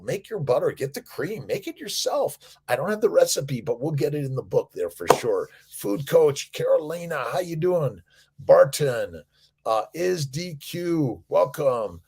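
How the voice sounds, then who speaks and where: A middle-aged man with a gravelly, somewhat husky voice hosts a casual morning livestream. He rambles in an upbeat, motivational way, reads out viewer comments and greets people by name. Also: mid-range voice, darkish tone. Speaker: fertility doctor hosting a morning livestream. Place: indoors.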